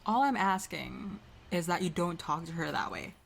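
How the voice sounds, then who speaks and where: A woman playing a character in a tabletop game, speaking calmly and firmly. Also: lowish voice, moderate pace, creaky. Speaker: player. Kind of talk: tabletop role-play.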